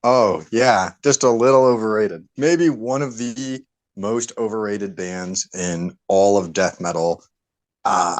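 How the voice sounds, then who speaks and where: A man on a podcast giving his opinions in a measured, deliberate way. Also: sits low. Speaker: podcast co-host. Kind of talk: casual podcast discussion.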